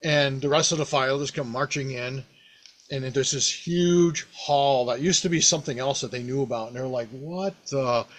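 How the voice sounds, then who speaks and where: A man hosting a podcast, casually recounting a tabletop game he ran, rambling and animated with many fillers. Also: mid-range voice, normal speed. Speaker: podcast host, game master. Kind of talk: casual storytelling about a past game.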